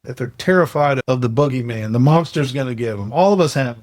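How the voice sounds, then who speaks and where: A man's voice: medium pitch, fairly quick. A middle-aged man on a podcast, earnestly telling a family story and acting out the dialogue. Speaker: podcast host sharing a coaching program. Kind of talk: casual podcast chat, storytelling.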